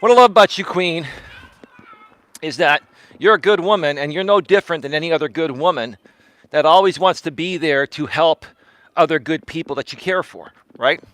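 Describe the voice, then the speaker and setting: A man's voice: fairly high pitch, normal speed, fairly bright tone. A man hosting a casual live-stream monologue while walking, speaking with emphasis, repeating words and tagging lines with "right?". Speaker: life coach and live-stream host.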